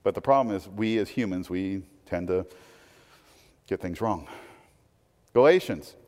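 A man preaching a sermon in a casual, conversational way, often checking in with listeners with quick asides. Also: low voice, darkish tone. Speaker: pastor. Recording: long hall reverb.

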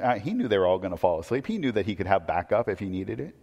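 A man's voice: sits low, animated, quick pace, darkish tone, long reverb tail. A man preaching a conversational sermon, asking rhetorical questions and quoting scripture. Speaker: pastor.

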